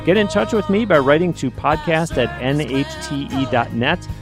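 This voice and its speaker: A man's voice: a little high, lively intonation, normal speed, over music. A man hosting an interview podcast from a radio studio, upbeat and full of enthusiastic reactions. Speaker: podcast host.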